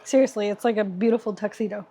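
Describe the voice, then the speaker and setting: A woman's voice: medium pitch, steady tone, fast talker, dark tone, slight background noise. A woman co-hosting a garage show, trading teasing banter with the host. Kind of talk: casual garage chat.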